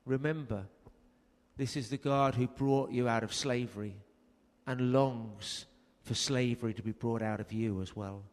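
A man's voice: mid-range voice, steady tone, a little slow. A man preaching a sermon, telling a story earnestly and raising his voice for emphasis. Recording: long hall reverb.

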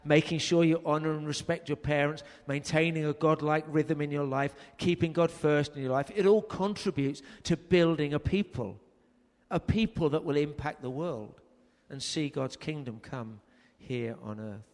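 A man's voice: on the high side, moderate pace, darkish tone. A man preaching a sermon, telling a story earnestly and raising his voice for emphasis. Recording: long hall reverb.

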